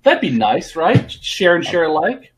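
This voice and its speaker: A man running a tabletop game as game master, talking in halting bursts full of fillers. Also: a little high, big pitch swings.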